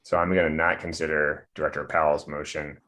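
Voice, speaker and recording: A man with a very deep, low-pitched voice runs a board meeting over a video call. He speaks haltingly, restarting sentences and filling pauses with ums and uhs. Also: flat delivery, fairly bright tone. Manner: hesitant, many fillers and restarts. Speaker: board chair.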